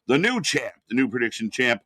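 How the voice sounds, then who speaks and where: A man's voice: mid-range voice, sing-song, a little fast, pushed and bright, no echo, clean studio sound. A man co-hosting a casual live wrestling stream, agreeing with his partner and explaining the chat points contest. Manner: agreeable, backs up co-host with short replies, runs chat points contest. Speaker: co-host of a live wrestling watch-along stream.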